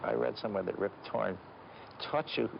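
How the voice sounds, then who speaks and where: A man hosting an interview show, asking questions and introducing clips in measured, formal phrasing. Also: on the low side, creaky. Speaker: interview host. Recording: dull lo-fi recording, faint noise.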